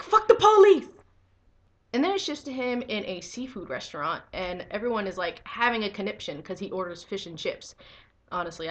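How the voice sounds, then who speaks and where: Young woman, casual comic review, excitable, swears a lot, slightly low voice. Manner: excitable, swears freely, squeals with enthusiasm.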